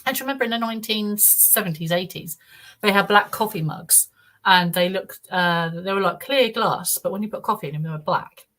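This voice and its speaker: A middle-aged woman, a guest on a podcast interview. She tells a first-person account earnestly, in a halting way with many restarts. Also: mid-range voice, fairly bright tone. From United Kingdom.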